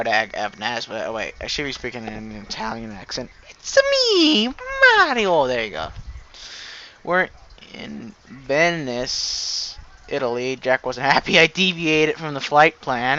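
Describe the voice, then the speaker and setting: A man's voice: medium pitch, moderate pace, pushed and bright, smooth, dull audio. A man hosting a casual flight sim gameplay commentary, rambling and restarting his sentences as he talks. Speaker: host. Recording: engine noise under the voice. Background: aircraft engine noise from the game.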